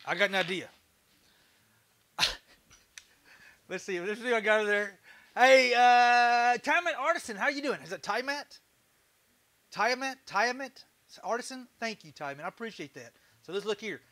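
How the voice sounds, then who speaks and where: A man's voice: extremely high pitch, expressive, moderate pace, pauses often, sharp tone. A man with a Texan accent hosting a woodworking livestream, laid-back and chatty, laughing often and swearing casually. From Texas. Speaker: livestream host, woodturner.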